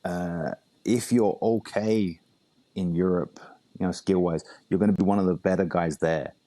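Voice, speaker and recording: The interview features a deep, dark voice with fairly even intonation at normal speed and no room sound. It belongs to a bare knuckle fighter and coach from England who speaks London English, chatting casually and rambling, peppered with "you know" and "bro."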